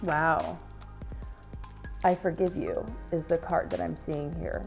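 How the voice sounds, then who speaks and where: A woman's voice: low-pitched, slow pace, gravelly, soft background music. A woman giving a casual tarot reading to viewers, rambling and earnest, full of "like" and casual swearing. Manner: earnest and emotional. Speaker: tarot reader.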